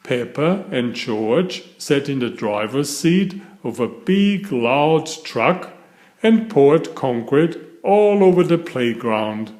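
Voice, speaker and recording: A man reading a children's picture book aloud, with a slow, expressive delivery. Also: mid-range voice. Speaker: storybook reader. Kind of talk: children's story read aloud.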